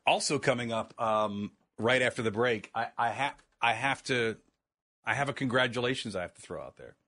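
Guy cohosting a radio show, bright voice, keeps teasing his cohost with questions. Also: medium pitch, normal speed. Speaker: radio co-host. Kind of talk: casual radio banter.

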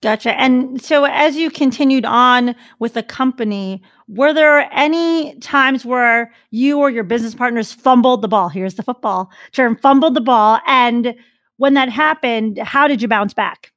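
A woman's voice: fairly high pitch, a little slow, a bit bright, no room sound, studio quality. A woman hosting an interview who asks long, thoughtful questions. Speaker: interview host.

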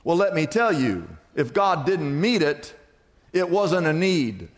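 A man's voice: on the high side, big pitch swings, slow pace. A man preaching a sermon in a church, emphatic, repeating phrases and asking the congregation questions. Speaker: pastor. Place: church sanctuary. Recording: long hall reverb.

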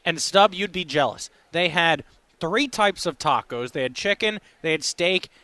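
A man's voice: a little high, lively intonation, unhurried, sharp tone, dry recording. A man hosting a live sports radio show, upbeat and chatty, reading out phone numbers between talk. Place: radio row at a sports event.

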